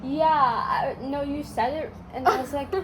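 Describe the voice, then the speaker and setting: A woman with a fairly high voice, chatting casually and reading fanfic aloud, laughing often as she goes. A steady noise sits under the recording. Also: a little slow. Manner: giggly, breaks into laughter while reading. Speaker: co-host.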